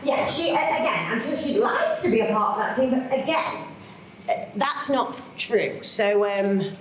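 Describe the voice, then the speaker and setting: Animated woman in echoey hall. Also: fairly high pitch, a little slow, far from the mic, a little hiss or hum. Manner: chatty, animated, self-mocking. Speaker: children's author. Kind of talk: author talk to an audience. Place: large hall.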